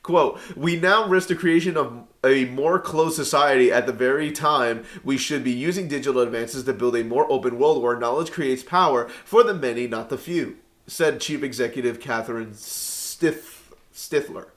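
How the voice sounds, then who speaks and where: A man's voice: medium pitch, moderate pace, a bit bright. A male podcast co-host reads a news article aloud in a casual, chatty way, with a mid-range voice. He stumbles over words and keeps breaking into laughter between quotes.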